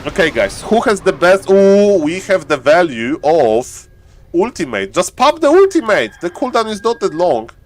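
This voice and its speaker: A man giving chatty, excitable live commentary on a strategy game stream, laughing often and restarting his phrases. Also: sits high, a little slow.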